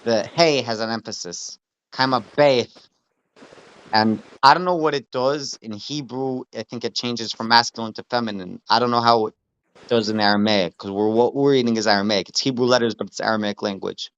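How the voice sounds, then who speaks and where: Man slowly drilling pronunciation in a study session. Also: medium pitch, a bit bright, smooth, lo-fi sound. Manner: reads slowly, repeats words to drill pronunciation. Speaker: teacher of text reading. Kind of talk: slow study reading and explaining pronunciation.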